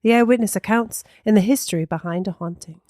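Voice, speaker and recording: A woman co-hosting a paranormal podcast, telling a ghost story in a slow, hushed, dramatic way. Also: mid-range voice, dry recording, clean studio sound.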